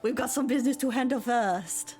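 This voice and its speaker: A woman voicing a brisk male sparrow who assists a detective in a bird-lawyer video game, reading her lines slowly and deliberately. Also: on the high side, a little mellow, natural voice. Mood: brisk, teasing.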